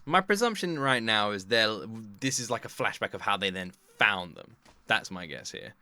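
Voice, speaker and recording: Excitable animated male reaction host. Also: lowish voice, moderate pace. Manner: excitable, animated, jokey, swears freely. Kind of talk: casual reaction commentary.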